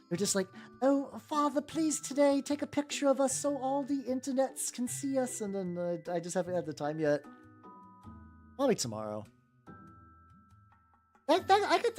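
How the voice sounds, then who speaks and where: A woman in her thirties rambles casually while painting miniatures, leaning on "like" at every turn. Her voice sits on the low side yet moves lively up and down, and faint music plays behind her. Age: 30s. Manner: rambling, with constant "like" fillers. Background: faint background music.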